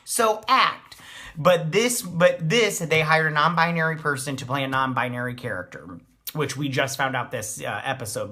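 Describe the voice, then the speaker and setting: Blunt, bright-voiced man ranting in a review. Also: mid-range voice. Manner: blunt, dismissive, ranting, many fillers and restarts. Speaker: TV episode reviewer, channel host. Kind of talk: casual spoken episode recap and review.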